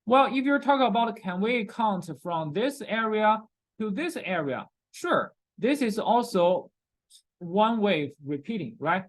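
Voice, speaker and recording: A chemistry lecturer with a mid-range, animated voice speaks a little slowly in a recorded class with poor audio. He repeats key terms, checks in often with "okay?", and uses non-native grammar.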